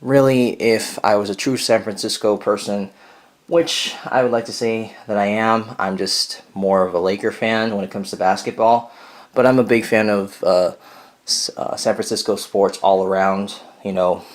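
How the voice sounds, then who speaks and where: A man's voice: on the low side, fairly even intonation, normal speed. A young man hosting a casual weekly vlog update, rambling with lots of fillers and self-corrections while chewing gum. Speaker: vlog host. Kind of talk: casual chat to viewers.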